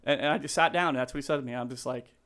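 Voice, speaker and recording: A man in his fifties telling stories in a casual interview, rambling and animated, acting out quotes in a high yell. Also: rapid-fire. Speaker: guest.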